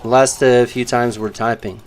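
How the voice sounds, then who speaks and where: A man's voice: medium pitch, flat delivery, unhurried. A man streaming a game, chatting casually and sarcastically, rambling with lots of fillers. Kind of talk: casual live-stream chat.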